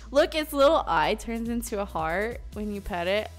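A woman's voice: mid-range voice, very animated, normal speed, few pauses, soft background music. A woman live streaming a game, chatting casually with her viewers, giggly and swearing freely. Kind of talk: casual live-stream chat while gaming.

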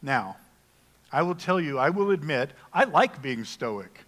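Jokey pastor in an echoing church. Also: male voice, a little high, big pitch swings, measured pace, a bit bright. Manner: folksy, humorous, conversational preaching. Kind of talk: sermon. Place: church sanctuary. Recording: long reverb of a church hall.

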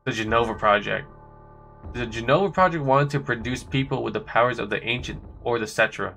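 A man voicing a cold, proud male swordsman villain from a video game, reading his lines slowly and deliberately. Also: mid-range voice, creaky, bright, forceful tone, faint music behind.

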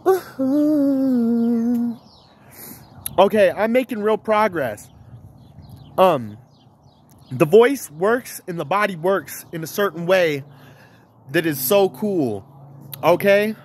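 Man vlogger, high pitched voice, rambling monologue, giggly, repetitive. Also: animated, slow pace, pauses often, breathy edge. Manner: giggly, repetitive, stream-of-consciousness. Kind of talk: rambling casual monologue to camera.

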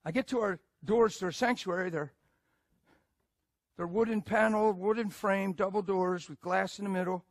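A male preacher telling a story in a sermon, animated and emphatic, moving between loud bursts and hushed asides. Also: sits high, normal speed, no room sound.

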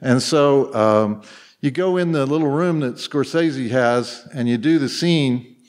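A man's voice: mid-range voice, unhurried. Rambling man telling stories on a panel. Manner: rambling, heavy on fillers and restarts, chuckling often. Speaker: panel guest. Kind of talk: anecdotal storytelling on a live panel. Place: convention panel room.

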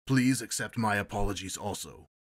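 A man's voice: lowish voice, moderate pace, natural voice. A man doing an angry, defensive ship's captain. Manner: gruff, defensive.

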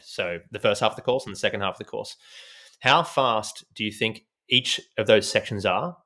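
Bright-toned man asking careful questions. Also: lowish voice. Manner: earnest, thanks guest then asks long, detailed questions. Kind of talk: interview questions.

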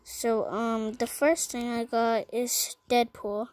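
Female gaming vlogger, pitched a bit high, slow and halting as she lists items one by one between ums. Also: flat delivery, a little mellow, rough recording. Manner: listing items one by one, with many ums and pauses. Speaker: gaming channel host. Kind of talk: casual gaming vlog.

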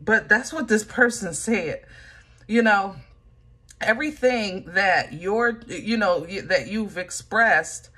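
A woman giving a casual tarot reading, animated and joking, talking straight to the listener with lots of fillers. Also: medium pitch, slow pace, husky. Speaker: tarot reader.

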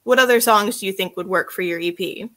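A woman voicing a seductive, tender and teasing adult man, speaking in a soft, husky murmur as she reads her book aloud. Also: mid-range voice, a little fast, close to an everyday voice. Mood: firm, teasing. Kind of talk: audiobook-style reading.

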